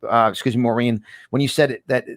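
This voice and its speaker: A man hosting a talk podcast, speaking excitably with many restarts and repeated words. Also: medium pitch, fast, no room sound, clean studio sound. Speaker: podcast host. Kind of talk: casual talk show chat.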